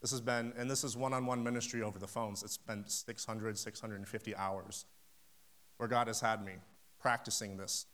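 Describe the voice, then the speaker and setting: A man's voice: on the low side, steady tone, normal speed, fairly bright tone. A man preaching a sermon, fervent and building to emphatic peaks as he tells stories of ministry. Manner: storytelling, acting out phone conversations. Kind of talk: sermon with personal story.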